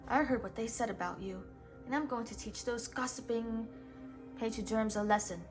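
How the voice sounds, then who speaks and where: A woman's voice: a little high, normal speed, music in the background, natural voice. A woman reading a storybook aloud, voicing a small, cheeky male circus mouse who speaks lightly and confidingly. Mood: comforting.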